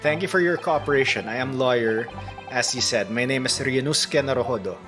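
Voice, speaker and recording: A man's voice: mid-range voice, fairly quick. A man streaming a video game, reading its dialogue aloud and tossing in wry, joking asides. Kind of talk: casual playthrough narration. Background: game music.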